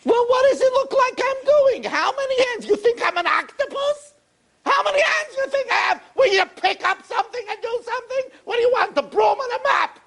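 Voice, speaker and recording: A man putting on the shrill, shouting voice of a frazzled, overwhelmed wife during a sermon. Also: animated, fairly quick, gravelly, full character voice. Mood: exasperated. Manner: shouting, sarcastic.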